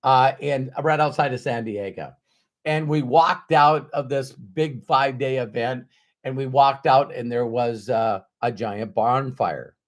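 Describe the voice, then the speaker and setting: A middle-aged man speaking as a motivational speaker, telling a personal story candidly, with sudden loud animated bursts. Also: medium pitch, measured pace.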